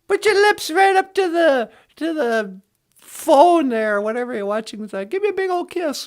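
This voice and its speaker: A woman's voice: extremely high pitch, lively intonation, moderate pace. A woman co-hosting a casual vlog, teaching an Ojibwe phrase of the day in a playful, goofy way and laughing often.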